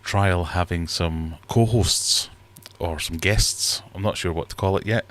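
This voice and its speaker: Unhurried and low-pitched with a bit of brightness, this livestream host chats casually from his fish room. He reads the chat out loud in a rambling, self-deprecating way.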